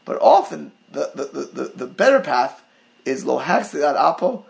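A man giving a Torah class to his community, telling stories in an animated way with many restarts and Hebrew and Yiddish terms mixed in. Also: fairly high pitch, moderate pace, gravelly. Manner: animated storytelling, many restarts, rising to near-shouts. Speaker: rabbi teaching a Torah class.

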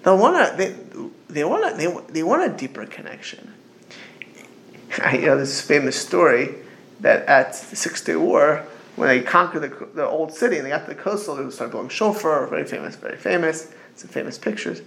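A man's voice: a little high, very animated, moderate pace, creaky, a bit bright. A middle-aged man giving an informal religious talk as a rabbi, rambling and digressive with frequent restarts and storytelling asides.

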